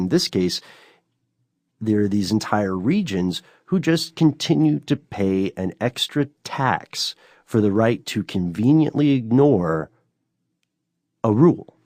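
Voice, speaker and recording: A man with a fairly low voice co-hosts a podcast in loose, casual chat. He keeps checking in with his listener as he talks. The sound is dry and close, with no room around it. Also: expressive, takes it slowly, a little mellow, no room sound. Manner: conversational, leans on "you know" and "right?". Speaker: podcast co-host.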